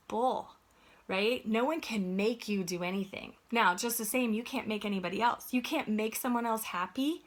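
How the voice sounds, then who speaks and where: A woman's voice: on the high side, moderate pace. Earnest woman giving a motivational talk. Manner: earnest, conversational, asks "right?" often.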